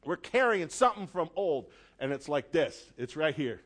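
A man preaching a sermon with animated delivery, acting out voices with sudden high squeals. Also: moderate pace, slightly rough. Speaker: pastor.

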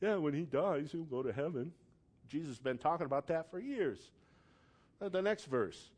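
A man preaching a sermon as pastor, building from quiet reading to loud shouted declarations. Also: fairly high pitch, expressive, moderate pace.

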